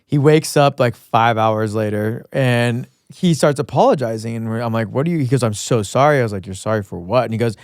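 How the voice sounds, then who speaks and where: A young man spins a story on a podcast in relaxed, casual chat. He jumps into other people's voices as he goes. His voice sits at a middling pitch and sounds dry and close. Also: brisk, hardly any pauses, no echo. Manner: animated storyteller, acts out others' lines. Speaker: podcast co-host.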